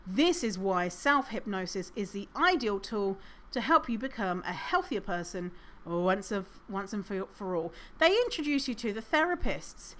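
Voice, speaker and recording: A woman's voice: on the high side, a bit bright. A woman hosting her own podcast, chatting casually, reading reviews aloud with sarcasm and frequent swearing and laughter. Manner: laughs often, chatty with many fillers. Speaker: podcast host. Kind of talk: casual solo podcast commentary.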